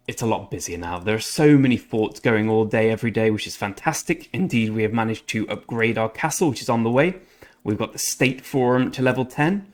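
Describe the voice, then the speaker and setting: A man rambling through casual commentary over his strategy game, often correcting himself mid-sentence. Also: mid-range voice. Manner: chatty, rambling, self-correcting. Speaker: gaming channel host.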